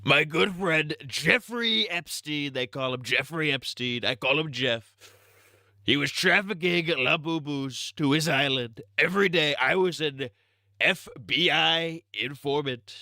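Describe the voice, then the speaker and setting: Bragging older male politician impression by a man, pitched up, bright and dry. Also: a little slow, dry recording, exaggerated voice. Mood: boastful. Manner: bragging, rambling boasts. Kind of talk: comedic impression on a game stream.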